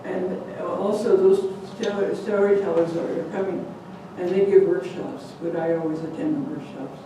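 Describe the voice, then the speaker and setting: An older woman telling a folk tale aloud to an audience, animated and chatty, slipping in Spanish words. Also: on the low side, normal speed. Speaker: storyteller. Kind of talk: lively live storytelling. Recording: echoey hall, distant mic, noisy.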